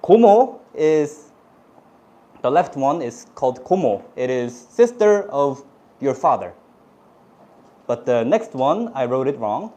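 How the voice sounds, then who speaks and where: Korean-accented teacher, man, lively. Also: mid-range voice, measured pace, pauses often. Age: middle-aged. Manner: animated, switches into cute playful put-on voices for examples. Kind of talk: classroom teaching. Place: classroom.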